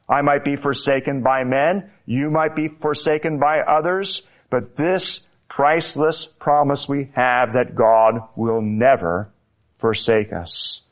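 A man preaching a sermon, slow and emphatic, lifting his voice to stress key words. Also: mid-range voice. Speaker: pastor.

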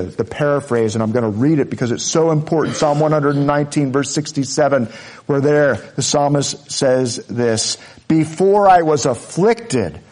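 A pastor preaching a sermon, earnest and emphatic, driving points home with repeated phrases. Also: male voice, mid-range voice, a little mellow.

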